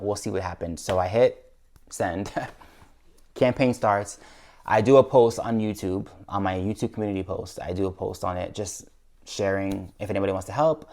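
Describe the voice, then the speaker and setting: A man with a somewhat low voice talks straight to his viewers in a personal vlog. He retells his story earnestly and from the heart, often stopping and restarting his sentences. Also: a little mellow. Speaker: YouTuber.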